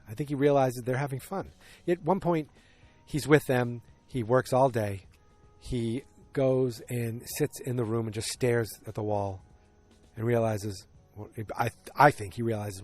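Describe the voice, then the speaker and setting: A man hosting a casual solo podcast. He retells the story in a rambling way, with lots of fillers, self-corrections and excited asides. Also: medium pitch, slightly rough. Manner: animated, exclamatory asides. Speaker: podcast host.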